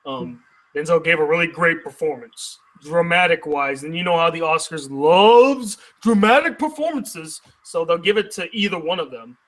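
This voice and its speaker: Male host, casual panel talk, higher voice, joking and steering the discussion. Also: expressive, moderate pace, fairly bright tone, poor audio.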